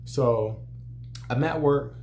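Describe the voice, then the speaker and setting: Young guy just talking to the cam, warm relaxed voice, says "you know" a lot, slight background hum. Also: medium pitch, slow pace. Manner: conversational, many "you know" fillers, animated when quoting others. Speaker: restaurant cook. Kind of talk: casual storytelling to camera.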